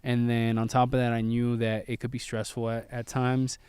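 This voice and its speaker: A man in his thirties, a father and vlogger, calmly explaining how he and his wife made a family decision, in an earnest, laid-back way. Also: mid-range voice, normal speed, clean tone, dry recording. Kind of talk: casual storytelling.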